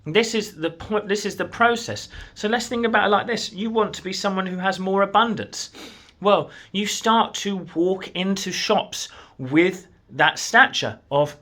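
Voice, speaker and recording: Male coach, motivational to camera, encouraging and direct, bright tone, a little high. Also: a little slow. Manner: earnest, encouraging, speaks straight to the viewer. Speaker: manifestation coach. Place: at a desk in his own room.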